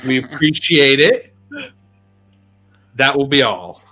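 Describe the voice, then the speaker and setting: A man voicing a formal, weary woman who leads the settlement, speaking in a measured, polite way. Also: mid-range voice, lively intonation, sharp tone, faint music behind, voice pushed up, exaggerated voice.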